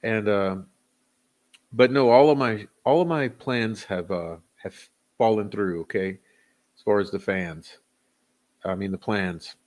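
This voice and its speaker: Low-voiced man hosting a livestream. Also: unhurried, pauses often, a little mellow. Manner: loose and rambling, many fillers, chuckles. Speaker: livestream host. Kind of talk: casual livestream chat, reading chat names.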